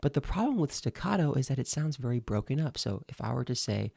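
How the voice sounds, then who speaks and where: Gravelly, warm-voiced male speaking coach. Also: mid-range voice, sing-song, no room sound, clean studio sound. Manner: deliberate, repeats key phrases for emphasis. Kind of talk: instructional video.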